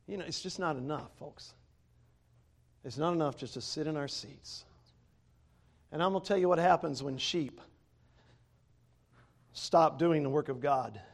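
A man preaching a sermon, a former pastor, who swings from loud to quiet and laughs between points. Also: fairly high pitch, measured pace, creaky, long pauses.

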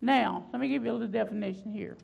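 A woman preaching a sermon, building emphasis with loud swells and slow, drawn-out phrases. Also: on the high side, gravelly, breathy edge, highs cut off.

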